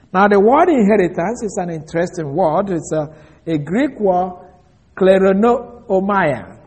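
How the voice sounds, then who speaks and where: A pastor preaching an expository sermon, slowing down and stressing key words as he explains a verse. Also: high voice, a little mellow, slightly rough. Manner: slow, deliberate emphasis on key words.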